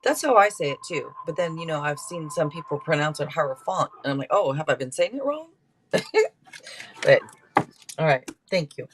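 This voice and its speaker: A woman's voice: deep voice, lively intonation, moderate pace, a little hiss or hum. A woman hosting a live tarot stream, chatting casually and rambling through card meanings. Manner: chatty and rambling, with many restarts.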